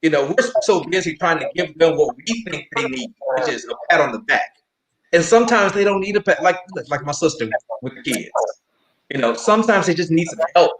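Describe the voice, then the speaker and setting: A man on a video call panel, telling a story in a relaxed, easygoing way. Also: fairly high pitch, a little fast, reverberant, low-quality recording. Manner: relaxed storyteller, laughs softly.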